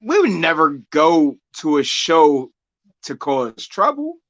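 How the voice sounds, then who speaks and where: A man's voice: fairly high pitch, big pitch swings, takes it slowly, fairly bright tone, muffled recording. A man hosting a casual interview, mostly giving short agreeing replies and joking asides. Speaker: podcast host.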